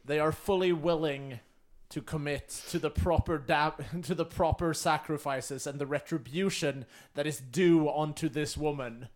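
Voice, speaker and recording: A man voicing a zealous cult spokesman in a tabletop game, speaking in a slow, formal, declaiming way. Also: a little high, close to an everyday voice. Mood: solemn.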